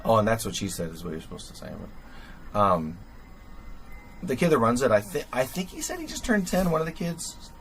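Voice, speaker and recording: On a rough recording with slight background noise, a man hosts a livestream and works on some gear. His mid-range voice is a bit bright and swings widely in pitch, and he talks a little fast. His chat rambles casually as he thinks aloud with many fillers and chuckles at himself.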